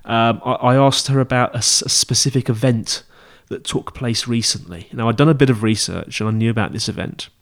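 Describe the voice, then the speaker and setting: A man's voice: medium pitch, fairly quick, hardly any pauses. Male podcast host, casual teaching monologue, rambling and self-correcting. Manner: chatty, rambling, with frequent fillers and self-corrections.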